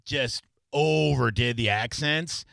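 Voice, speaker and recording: A man's voice: medium pitch, slow pace, gravelly, bright, forceful tone, dry recording. A man hosting a casual radio talk show, joking and loose, from the American South. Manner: joking, loose, does silly voices. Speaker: radio host.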